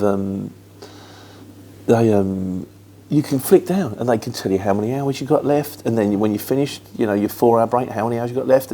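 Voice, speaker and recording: A middle-aged English man, his Luton accent tinged with London, rambles casually through viewer questions in a matter-of-fact style. His voice is fairly low and warm, with a little hiss or hum.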